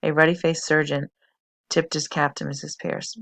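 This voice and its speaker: A teacher reading a novel aloud for a fifth-grade class, steady and expressive. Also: medium pitch, normal speed, gravelly, no room sound.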